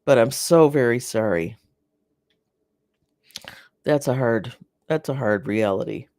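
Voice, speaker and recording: A North American host chats slowly through a live garden stream, with a gravelly, creaky edge to the voice. The talk rambles and stalls on fillers and restarts, warm-hearted toward viewers writing in. The sound is close and dry, with no room around it. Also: mid-range voice, dry recording. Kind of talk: casual live-stream chat reading viewer comments.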